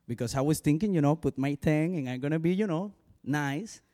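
Spanish is this male pastor's first language, and his accent is strong. Telling his personal story with animation and frequent "you know" asides, he talks fairly quickly in a fairly high voice.

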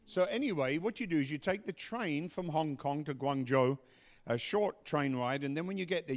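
A middle-aged man telling a story and giving announcements at a church service, animated, with loud bursts. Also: fairly high pitch. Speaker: pastor.

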